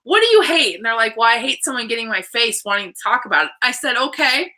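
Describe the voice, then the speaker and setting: Bright, upbeat woman host in her 30s. Animated storyteller who acts out the people she quotes. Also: a little high, fast talker, low-quality recording. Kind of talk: casual interview chat.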